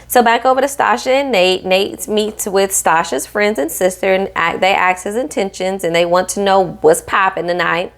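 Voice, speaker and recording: A woman talks through a reality TV episode in a casual, sassy recap. She is animated and playful, and she often acts out the people on the show as she quotes them. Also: mid-range voice, normal speed, few pauses. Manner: sassy, animated, quotes cast members in voices.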